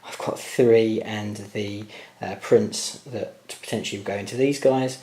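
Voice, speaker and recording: A man's voice: fairly low pitch, fairly even intonation, measured pace, hardly any pauses, warm tone. A man talking viewers through his tabletop wargame dice rolls, addressing them as guys. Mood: tired. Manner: talks to viewers as guys, hopeful and tense over rolls. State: tired late at night. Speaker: wargame player and channel host. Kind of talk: excited dice-rolling commentary to viewers.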